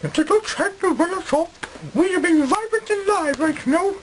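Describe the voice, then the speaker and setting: A man's voice: very high-pitched, animated, measured pace, a little hiss or hum, voice pushed up, rough recording. A man voicing a bitter Swedish colonist complaining about being run off, in a comedy sketch.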